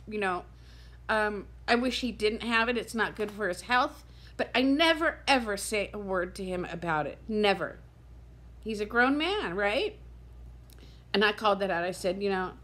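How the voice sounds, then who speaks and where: A woman's voice: fairly high pitch, expressive, normal speed, a bit bright. Chatty woman in her fifties, near tears. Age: 50s. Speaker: vlogger. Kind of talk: casual chat to camera.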